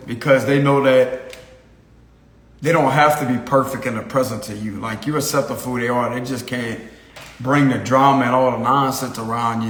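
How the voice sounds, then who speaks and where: A man's voice: mid-range voice, a bit bright. Rambling, slangy man in an echoey room. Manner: rambling, slangy, laughs often. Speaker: spiritual card reader. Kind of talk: casual spoken reading.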